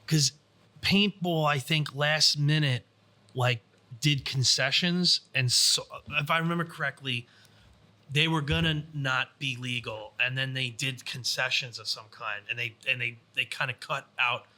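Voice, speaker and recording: A man's voice: mid-range voice, fairly even intonation, measured pace, pushed and bright. A man hosting a podcast in casual chat, rambling with lots of fillers from an indoor studio. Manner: rambling, heavy use of fillers. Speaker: podcast host.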